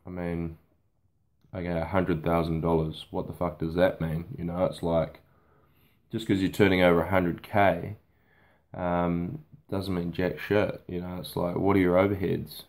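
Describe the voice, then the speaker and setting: A man's voice: low voice, level tone, a little slow, a little mellow. A man, a boot camp fitness trainer, talking off the cuff to camera in a blunt, casual way and swearing freely. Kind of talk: unscripted talk to camera.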